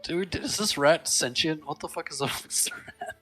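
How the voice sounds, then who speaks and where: Laid-back male player, bright edge, jokey, faint music. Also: a little high, moderate pace. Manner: laid-back, joking, swears casually. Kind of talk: casual tabletop game chat.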